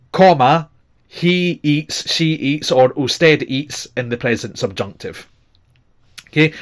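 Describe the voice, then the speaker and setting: A man teaching a recorded grammar lesson, patiently repeating forms and checking in with "okay?". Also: medium pitch. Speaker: language teacher.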